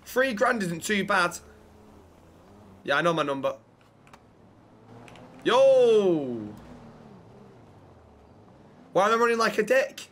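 A man with a high voice, streaming a role-play game. He talks brashly and swears a lot. He throws out insults without missing a beat. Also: big pitch swings, a bit bright. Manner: brash, profane, quick to insult.

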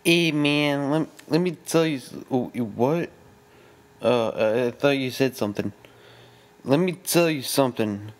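A sappy drunk buddy slurs his way through every word, as a young man puts him on. He drags each phrase out slowly in a middle-pitched voice. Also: natural voice.

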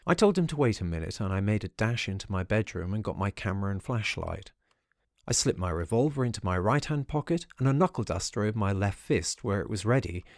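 A man narrating a first-person ghost story audiobook in a measured storytelling manner. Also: lowish voice, no echo, clean studio sound.

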